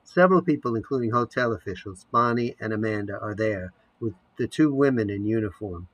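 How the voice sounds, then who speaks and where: A man narrating an audio drama, reading scene headings and stage directions in a measured way. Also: fairly low pitch, expressive, fairly bright tone, no room sound, poor audio.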